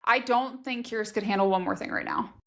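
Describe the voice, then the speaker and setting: Curious woman co-host, slightly high voice. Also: brisk, creaky, fairly bright tone. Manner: curious, musing aloud with questions. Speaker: podcast co-host. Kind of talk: casual book discussion.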